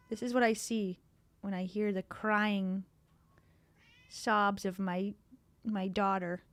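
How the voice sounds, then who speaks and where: A woman's voice: medium pitch, little pitch movement, slow pace, pauses often, no echo. A woman livestreaming from home, reacting to videos with sarcastic, mocking commentary and chatty asides. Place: home room. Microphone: desktop streaming mic.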